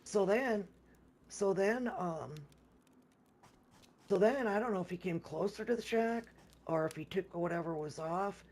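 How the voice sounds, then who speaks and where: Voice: medium pitch, unhurried, pauses often, darkish tone. A person casually retelling a game session at length, rambling with many restarts and repeated words, and quoting others' lines along the way. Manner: acts out others' lines in quoted speech. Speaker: gamer recounting a game session. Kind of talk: casual storytelling.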